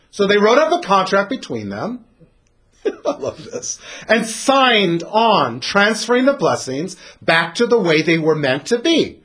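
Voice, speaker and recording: A male teacher gives an animated scripture lesson with a husky voice. His pitch moves widely, and he swings between loud emphasis and hushed delivery. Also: measured pace.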